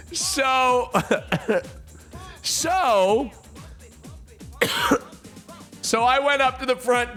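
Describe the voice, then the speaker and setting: A high-voiced man streams live and chats with his viewers, his pitch swinging widely as he talks. He speaks slowly, swears freely and circles back over his own words. Faint music plays behind him. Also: a bit bright. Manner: profane, repetitive storytelling addressing chat. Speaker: livestreamer. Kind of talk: casual live-stream chat.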